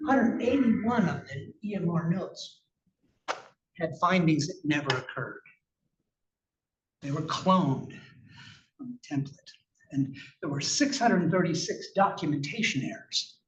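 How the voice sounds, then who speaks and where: A man giving a conversational, emphatic conference presentation about clinical research with slides, asking rhetorical questions as he goes. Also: a little high. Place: conference room. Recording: echoey, distant, muffled room recording with faint noise.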